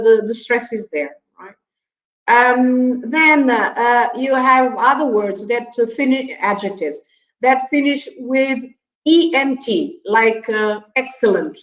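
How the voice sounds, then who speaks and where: Guesting on an online show, a patient Portuguese-speaking language teacher walks through grammar slowly, full of fillers, frequent "right?" check-ins and light laughter. Her voice is on the high side and fairly bright, heard through echoey, dull, lo-fi video call audio.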